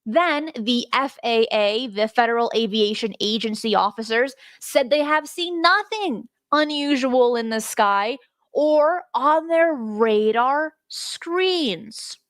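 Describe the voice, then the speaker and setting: An excited woman hosting a live stream, talking straight to her viewers in a fairly high, chatty voice. The sound is dry and close, with no room echo. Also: slow. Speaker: host. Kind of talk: live-stream case study talk.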